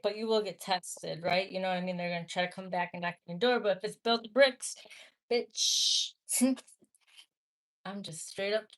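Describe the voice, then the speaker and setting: A woman from the Midwest hosting a casual livestream, reading viewer comments aloud and talking back bluntly, with swearing. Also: fairly low pitch. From American Midwest. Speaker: livestream host.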